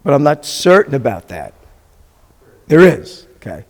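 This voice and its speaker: A man's voice: medium pitch, very animated, a little slow. A man teaching a beginners' class as a rabbi, talking casually and stopping often to ask his students questions. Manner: patient, chatty, asks the class questions. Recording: long hall reverb.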